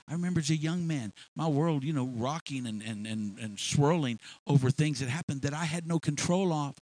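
Animated male preacher, fairly high voice, retelling a story from the pulpit. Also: normal speed, rough recording. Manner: animated, repetitive restarts. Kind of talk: sermon storytelling.

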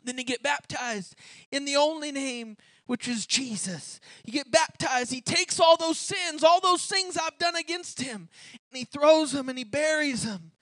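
A woman preacher with a high, bright-pitched voice delivers a fervent sermon. She swings between soft pleading and sudden shouted declarations. The sound is close and dry, with no room around it. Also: unhurried, no room sound. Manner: impassioned, swinging from hushed to shouted; repetitive pleading appeals.

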